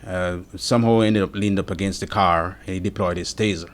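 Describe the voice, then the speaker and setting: A man with a notably low, deep voice gives testimony. His account is steady and earnest, and he recounts what happened in order. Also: fairly quick. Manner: earnest, steady retelling with frequent quoted dialogue. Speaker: interviewee giving testimony. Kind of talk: first-person account of an incident.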